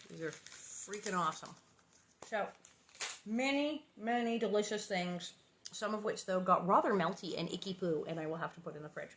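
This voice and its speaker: A woman's voice: mid-range voice, fairly bright tone, a little hiss or hum. A woman chatting casually and reading a children's novel aloud, rambling and playful with many asides.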